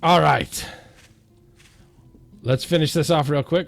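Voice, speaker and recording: Slow, goofy man narrating gameplay. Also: on the high side, gravelly, faint music behind. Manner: playful, chanting counts under his breath; self-mocking, goofy asides. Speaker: gameplay commentator. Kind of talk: casual gameplay commentary.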